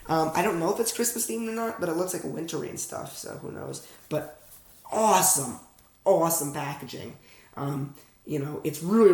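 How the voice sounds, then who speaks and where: A young American fragrance reviewer with a gravelly, rather high voice chats loosely with his viewers while unboxing, rambling and self-aware. It's night, he's in a room at home, and the sound is echoey.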